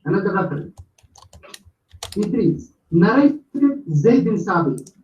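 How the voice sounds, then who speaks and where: A man calling into a debate, reading out references in a halting way with many filler sounds. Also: high voice, sing-song, a little mellow. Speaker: debate caller. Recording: distant echoey muffled call audio.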